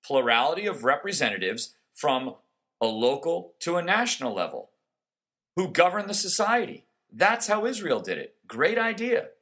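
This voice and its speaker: A man's voice: fairly high pitch, sing-song, normal speed, bright, forceful tone. A man hosting a conservative political talk show, giving an emphatic, sarcastic monologue.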